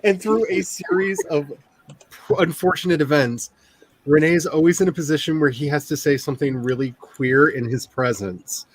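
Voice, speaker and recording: A man's voice: on the high side, moderate pace, slightly rough, no room sound. A man hosting a writing stream, chatting casually and gushing with frequent laughter. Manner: animated, gushing, laughs often. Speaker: author and stream host.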